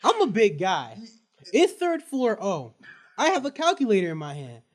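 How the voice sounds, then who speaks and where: A male student on a casual podcast, telling an animated story and laughing as he goes. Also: high-pitched, moderate pace. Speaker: student guest.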